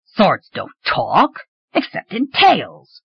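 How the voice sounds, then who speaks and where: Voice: medium pitch, sing-song, measured pace, slightly rough, no room sound, exaggerated voice. A narrator voicing a young male rider who talks urgently and nervously. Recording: dry, slightly dull recording.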